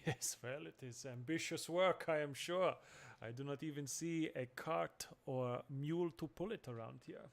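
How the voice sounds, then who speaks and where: A man's voice: a little high, moderate pace, creaky. A man voicing a pompous, vain male adventurer who talks in a flowery, condescending way.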